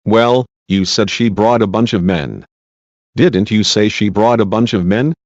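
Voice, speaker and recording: A man's voice: fairly low pitch, unhurried, darkish tone, no echo. A man voicing a persistent female defense lawyer who asks pointed, repeated questions in a deposition. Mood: pressing. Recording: dull lo-fi dry recording.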